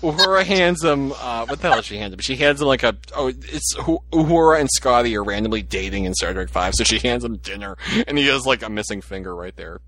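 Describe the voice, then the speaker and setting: A man's voice: medium pitch, big pitch swings, quick pace, few pauses, fairly bright tone. A man co-hosting a casual fan commentary podcast, rambling through asides and laughing often. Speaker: podcast co-host.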